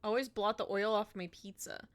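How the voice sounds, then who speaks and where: A woman streamer chatting casually to her viewers while playing, playfully indignant, jumping between loud exclamations and grumpy mutters. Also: mid-range voice, fairly even intonation, moderate pace, no room sound. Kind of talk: casual live-stream chat.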